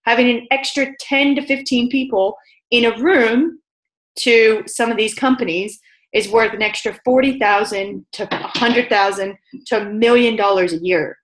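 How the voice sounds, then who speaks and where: A woman sales coach teaching a business training session, brisk and emphatic, repeating her key points. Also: fairly high pitch, fairly even intonation, reverberant, poor audio.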